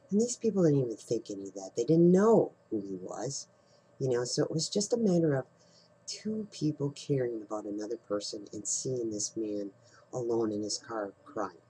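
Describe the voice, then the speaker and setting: A husky-voiced middle-aged man talks at a relaxed, conversational pace. He tells a story to his team in a rambling, loose way, stopping and restarting his sentences. His voice sits at an ordinary pitch with a slightly rough, breathy edge. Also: moderate pace, low-quality recording. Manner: rambling, with many restarts and fillers. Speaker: team leader hosting a call. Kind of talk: casual storytelling talk.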